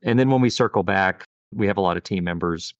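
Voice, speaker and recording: Here a middle-aged man who works as a pediatric endocrinologist is interviewed on a podcast, speaking earnestly and thoughtfully with frequent "you know"s. His low-pitched voice moves quickly. There's no room sound, and the audio is muffled.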